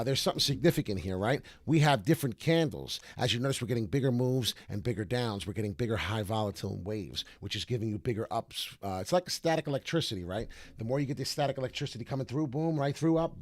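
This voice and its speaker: A man's voice: mid-range voice, no echo, clean studio sound. A man streaming crypto chart talk in a brash, slangy, rambling way with many filler uhs. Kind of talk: casual live commentary.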